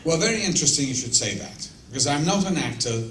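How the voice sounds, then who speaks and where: At a convention, a man fields fan questions in a large room with an audience, casually telling blunt, profane, self-mocking anecdotes. His fairly high voice is expressive and fast, with a crowd audible behind him. The distant mic picks up roomy echo and faint noise.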